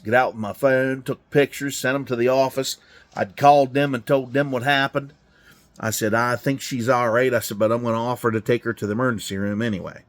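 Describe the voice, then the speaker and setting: A middle-aged man telling a story in a garage, blunt and full of swearing, acting out both sides of a conversation. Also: medium pitch. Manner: profane, blunt, acts out dialogue. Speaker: truck driver telling a story. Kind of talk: casual storytelling. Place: garage during a car event.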